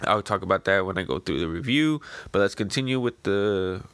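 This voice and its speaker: A man casually reviewing a manga chapter, rambling in a relaxed way. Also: sits low, a little fast, clear, resonant tone, dry recording. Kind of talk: casual chat.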